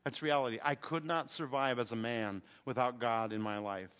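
Older guy preaching in a church, bright forceful voice, big hall echo. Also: medium pitch, steady tone, moderate pace, clean tone. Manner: preaching with rising fervor, calls to the congregation. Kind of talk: sermon. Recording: long hall reverb.

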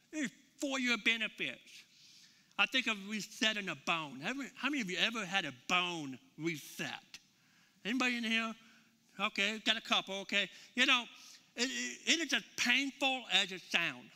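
A middle-aged man preaching a sermon in a high, piercingly bright, forceful voice. He tells stories casually, with lots of fillers and restarts. His voice rings out with a long hall echo. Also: lively intonation, normal speed. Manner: conversational storytelling with many fillers and repeats. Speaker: pastor. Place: church sanctuary with a live congregation.

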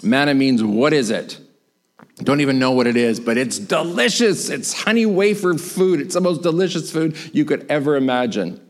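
A man preaching a sermon, retelling a story and acting out the voices of the people in it. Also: moderate pace. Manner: animated, acts out quoted voices with big pitch swings.

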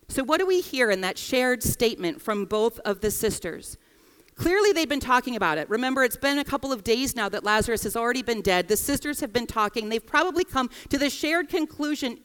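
A woman preaching a sermon in a church, expressive, voicing quoted lines with feeling. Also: fairly high pitch, moderate pace, clear, resonant tone. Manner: expressive, acts out quoted voices. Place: church hall. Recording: long hall reverb.

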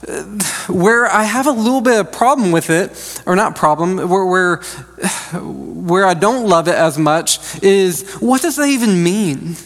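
Thirtysomething guy preaching, pretty high voice, chatty and jokey, long echo off a big church room. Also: animated, a little slow. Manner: conversational and joking, with frequent restarts. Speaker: pastor. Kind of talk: sermon. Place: church sanctuary. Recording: long reverb of a large hall.

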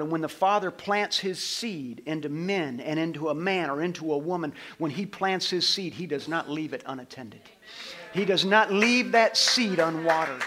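A middle-aged man, a pastor, preaching a sermon and telling a story, swinging from loud passages to hushed ones. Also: on the high side.

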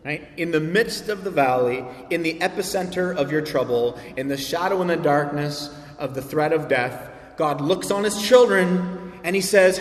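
A man preaching a sermon as pastor, animated, swinging from loud emphasis to quiet asides. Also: a little high. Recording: roomy hall reverb.

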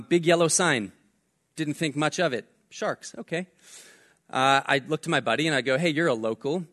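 A young man preaching a casual sermon as pastor, telling a story in a relaxed way with fillers and jokes. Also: mid-range voice.

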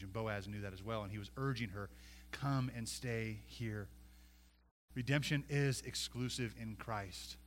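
A man preaching a sermon, pleading and animated, swinging from loud passion to hushed intensity. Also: fairly low pitch, a little hiss or hum. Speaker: pastor.

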